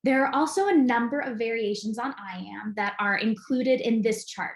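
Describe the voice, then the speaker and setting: A woman's voice: fairly high pitch, normal speed. Eager woman teaching verse in an echoey room. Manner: enthusiastic, clear explaining. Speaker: acting teacher. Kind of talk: recorded lesson.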